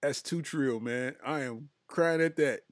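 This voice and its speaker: Slow slangy young man, laughing. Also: medium pitch, no echo, clean studio sound. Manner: laughs often, slangy and loose, trails off with "man" and "boy". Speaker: podcast host reading live chat. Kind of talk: casual comedic chat.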